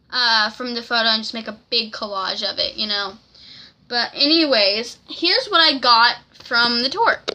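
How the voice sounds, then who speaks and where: A young woman telling an excited, rambling story to camera in a casual vlog, often giggling. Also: a little high, a little hiss or hum. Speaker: vlogger.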